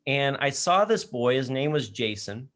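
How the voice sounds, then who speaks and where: A man speaking in an online session from his laptop mic, telling an animated story to high school students with frequent laughter. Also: moderate pace. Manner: energetic, animated storyteller who laughs often. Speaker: leadership program speaker.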